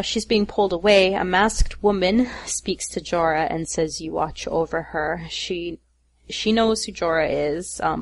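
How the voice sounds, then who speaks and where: A woman's voice: on the low side, vocal fry. A woman hosting a podcast, casually recapping an episode and laughing often. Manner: laughs often while talking. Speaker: podcast host.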